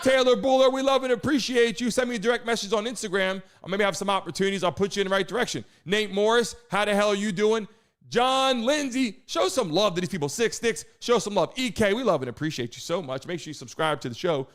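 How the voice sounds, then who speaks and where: Guy with a higher voice hosting a livestream, hyped, shouting out chat, swears a lot. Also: quick pace. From United States. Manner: hype, shouts out chat viewers, loose and profane. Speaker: live stream host. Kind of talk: live stream chat.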